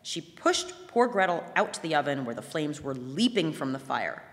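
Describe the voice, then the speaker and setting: A woman reads a fairy tale aloud at a live museum event, telling it in an animated way. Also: low voice, moderate pace. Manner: animated storytelling. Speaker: reader. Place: museum hall, before an audience. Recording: long hall reverb.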